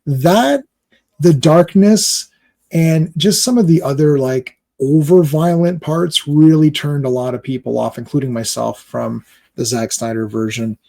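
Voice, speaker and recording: A man's voice: a little high, a little slow, vocal fry, warm tone. A man giving casual reaction commentary on a movie trailer, rambling and exasperated with lots of fillers.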